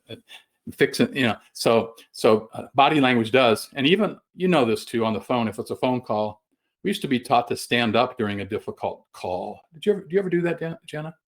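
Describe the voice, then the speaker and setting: A middle-aged man presenting a webinar over a video call, folksy and halting, with many fillers and restarts. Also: mid-range voice, expressive. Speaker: guest sales trainer.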